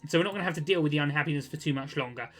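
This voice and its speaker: A young man giving casual gameplay commentary, chatty and quick to get exasperated, with jokey asides. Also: fairly high pitch, a bit bright. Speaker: gaming video creator.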